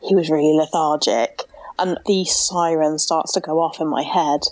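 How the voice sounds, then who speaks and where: A woman's voice: deep voice, fairly even intonation, moderate pace, a little mellow, no room sound. Earnest young woman, heartfelt. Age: young adult. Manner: earnest and heartfelt, with frequent "like" fillers. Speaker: interviewee, mother sharing her story. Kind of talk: emotional personal account.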